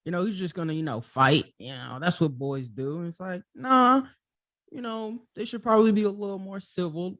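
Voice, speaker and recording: A man's voice: a little high, expressive, moderate pace, fairly bright tone, no room sound, clean studio sound. A man hosting a podcast in a casual, conversational way, full of "you know" and "like". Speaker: podcast host.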